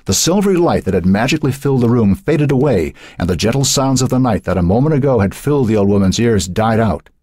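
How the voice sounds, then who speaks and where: A man narrating a horror novel in a measured, dramatic way. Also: medium pitch, lively intonation, warm tone, no room sound, clean studio sound. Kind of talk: audiobook narration.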